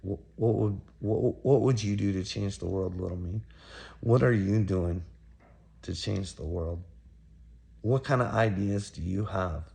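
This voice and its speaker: Gravelly deep-voiced man ranting. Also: a little slow, dark tone. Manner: taunting, preachy, repeats "little me". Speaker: commentator reacting to a clip. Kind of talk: ranting monologue to a viewer.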